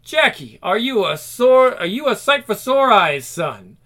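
A man's voice: high-pitched, big pitch swings, unhurried, fairly bright tone, heavily acted. Man playing a boastful old mob boss. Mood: blustering. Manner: blustering, tough-guy bravado. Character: older male mob boss uncle, gruff and boastful.

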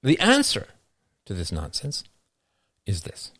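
A man's voice: on the low side, huge pitch swings, slow pace, fairly bright tone, slightly rough, no echo, studio quality. A man hosting a show, giving casual commentary and answering chat with rhetorical questions and frequent laughs. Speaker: show host.

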